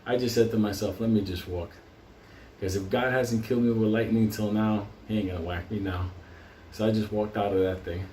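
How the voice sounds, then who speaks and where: A man's voice: on the low side, fairly even intonation, fairly quick, dark tone, slight background noise. A man telling a long profane anecdote, often breaking into laughter. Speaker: vlogger. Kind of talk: casual storytelling. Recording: roomy sound, mic at a distance.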